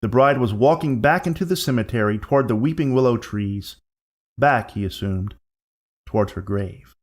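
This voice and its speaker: A man narrating a scripted horror story in a measured, suspense-building way. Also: mid-range voice.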